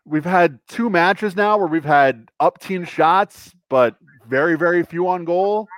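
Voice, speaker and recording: A man co-hosting a podcast, talking soccer in a hesitant, halting way. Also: high voice, fairly bright tone, no room sound. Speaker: podcast co-host. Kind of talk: casual soccer chat.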